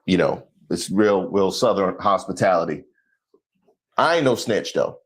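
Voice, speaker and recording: A man's voice: deep voice, a little slow. A man hosting a comedic news commentary show, casual and slangy, riffing and joking. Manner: animated, joking, breaks into song and laughter.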